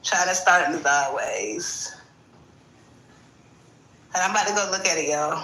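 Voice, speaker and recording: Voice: mid-range voice, measured pace, pauses often, pushed and bright, echoey room, rough recording. A streamer talking casually on a livestream, dramatic and swinging between mumbling and wailing.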